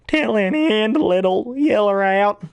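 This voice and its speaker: A man putting on a manic, hammy comedy character with loud squealing, drawn-out words. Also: high voice, lively intonation, vocal fry, clear, resonant tone, no echo, voice pushed up. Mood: hammy dying.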